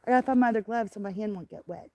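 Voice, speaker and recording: A woman's voice: mid-range voice, very fast, dark tone, no echo. An older woman chatting on a live stream outdoors in the snow, doting on her grandchild and laughing often, filmed on a handheld phone. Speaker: livestream host. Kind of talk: casual live stream chat. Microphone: phone camera held by hand.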